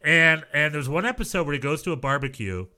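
A man co-hosting a podcast, chatting casually and telling animated stories, sometimes mimicking other people's voices. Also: fairly high pitch, fairly quick. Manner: animated storyteller, mimics voices, laughs often. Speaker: podcast co-host. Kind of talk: casual chat.

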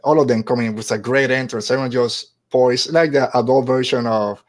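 Animated man recapping a show. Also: medium pitch, brisk. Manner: animated, acts out characters' lines in quotes. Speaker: podcast co-host. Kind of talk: casual chat recapping a TV episode.

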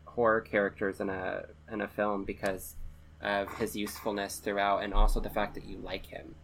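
A man with a very low voice talks films on a podcast. He reasons things through carefully, hedging with ums and you-knows as he builds his point in a casual chat. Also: flat delivery, gravelly, fairly bright tone, slight background noise. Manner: analytical, measured, hedges with fillers. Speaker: podcast co-host. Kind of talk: casual film discussion.

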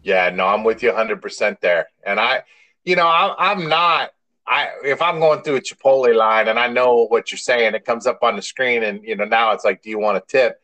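A man's voice: mid-range voice, moderate pace, bright, forceful tone, no echo, poor audio. A man co-hosting a podcast in casual chat, a rambling storyteller who restarts often and swears mildly. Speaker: podcast co-host.

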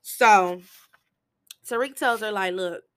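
A woman casually recapping a TV episode, telling it in an animated, slangy way. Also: mid-range voice, unhurried, no echo. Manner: animated storytelling with slangy asides.

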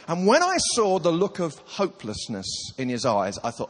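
A man's voice: fairly high pitch, very animated, moderate pace. Chatty male preacher with a cold, hall echo. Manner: self-deprecating, chatty, dry humor. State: coughing, has a cold. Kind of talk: humorous sermon storytelling. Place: large hall with audience. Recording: reverberant hall.

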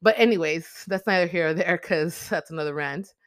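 Profane, animated woman recapping a movie. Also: on the low side, fairly quick, no room sound, studio quality. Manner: profane, animated, slangy storyteller. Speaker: host.

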